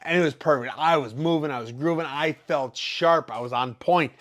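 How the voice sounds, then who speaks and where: A man's voice: a little high, moderate pace, heavy background noise. A professional fighter telling a casual story, acting out quotes and sound effects as he goes.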